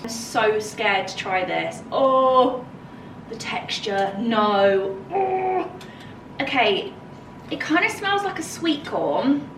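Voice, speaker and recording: A woman's voice: on the high side, distant mic, a little hiss or hum, low-quality recording. A woman with an English accent chatting casually in a home vlog, bubbly and thinking aloud as she tastes food, then tidies the garden. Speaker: lifestyle vlogger.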